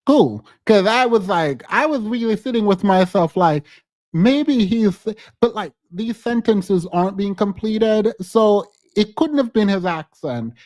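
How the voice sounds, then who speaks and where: Man, high-pitched voice, opinionated podcast host, emphatic, laughs a lot. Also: lively intonation, measured pace, darkish tone, no echo. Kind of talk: casual reality-TV commentary.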